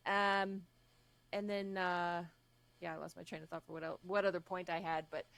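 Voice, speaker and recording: A woman's voice: fairly low pitch, little pitch movement, normal speed, gravelly, a bit bright, no echo. A woman co-hosting a gaming podcast, chatting casually with a wry, sarcastic edge. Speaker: podcast co-host. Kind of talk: casual chat.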